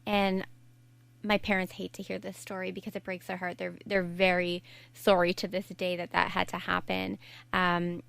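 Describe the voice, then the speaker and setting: Earnest woman with a gravelly edge. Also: lowish voice, monotone, moderate pace, fairly bright tone, no echo. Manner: earnest, reflective, frequent restarts. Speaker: podcast guest, life coach. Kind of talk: candid conversational storytelling.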